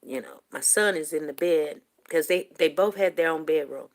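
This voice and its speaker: Older woman, low and gravelly, rambling emotional storyteller. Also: moderate pace. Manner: rambling, emotional retelling, rising to near shouting at tense moments. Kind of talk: casual personal storytelling.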